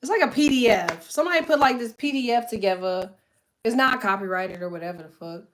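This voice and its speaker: Woman, fairly high voice, casual vlog rant, profane, rambling, lots of fillers. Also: lively intonation, fast talker, fairly bright tone. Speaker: vlogger.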